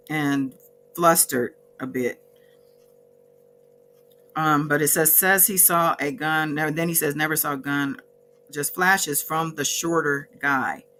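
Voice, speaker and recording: A woman's voice: sits low, fairly bright tone. A woman vlogger casually recapping a court day from her notes, with chatty asides and frequent self-corrections.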